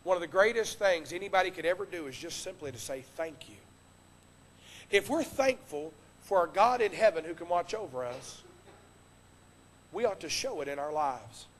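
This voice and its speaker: A man preaching a sermon from the pulpit, impassioned, swinging between loud exhortation and hushed earnest tones. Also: fairly high pitch, expressive, moderate pace, a little hiss or hum. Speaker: pastor. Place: church sanctuary. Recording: long reverb of a church hall.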